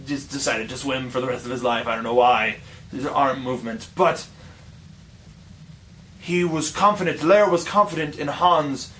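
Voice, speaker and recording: A man's voice: a little high, fairly bright tone. A man telling an improvised tall tale in a playful, rambling way, correcting himself as he goes. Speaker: storyteller. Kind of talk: improvised storytelling. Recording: distant mic with faint ambient noise.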